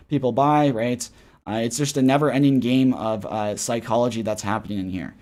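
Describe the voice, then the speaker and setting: A man giving casual, rambling chart commentary on a live stream. He keeps repeating "right?" and "guys", and his voice swings between loud and soft. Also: mid-range voice, fast talker. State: tired after a flight. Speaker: crypto trading streamer.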